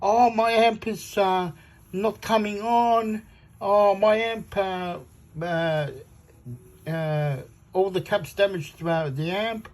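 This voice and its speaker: A man's voice: sits high, takes it slowly, darkish tone, voice pushed up. A man mocking a clueless male forum poster who stammers helplessly about his broken amp. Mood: whining.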